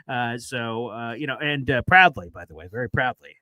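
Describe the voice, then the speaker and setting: Bright-voiced rambling sports radio host. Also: male voice, mid-range voice, lively intonation, normal speed, dry recording, poor audio. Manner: rambling, self-deprecating, jokey. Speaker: sports talk show host. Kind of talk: casual sports radio chat. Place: radio station studio.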